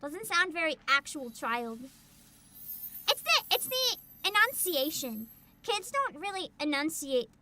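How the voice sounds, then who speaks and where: A woman's voice: very high-pitched, big pitch swings, unhurried, heavy background noise. A woman streaming her reactions to a game showcase in casual chat, blunt and swearing, laughing often. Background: loud game trailer music.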